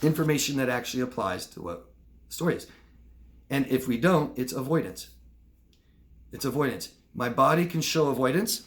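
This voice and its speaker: A relationship coach gives an instructional lesson straight to camera, talking conversationally in an everyday voice. He keeps breaking into quick acted-out demonstrations of lying and truth-telling to make his points. His voice is mid-range and expressive.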